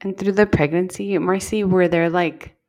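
Low-voiced woman hosting a casual podcast. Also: steady tone, normal speed, darkish tone. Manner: hesitant, loose phrasing with many fillers. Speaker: podcast host. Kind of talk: casual interview questions.

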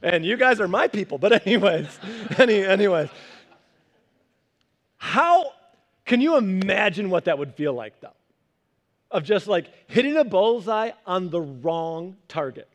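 A young man preaching a sermon in an animated, conversational way, acting out quotes as he goes. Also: high voice, unhurried. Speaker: pastor.

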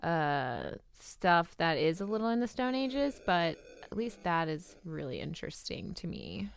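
A woman's voice: on the low side, big pitch swings, measured pace, vocal fry. A young woman co-hosting a podcast, chatting casually in a bubbly, giggly way with lots of "like". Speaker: podcast co-host. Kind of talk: casual chat.

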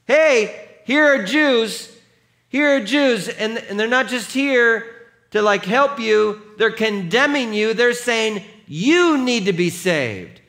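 A man voicing a taunting demon spirit that screams in a high, strained voice. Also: animated, slow pace, a bit bright, full character voice. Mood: shrieking.

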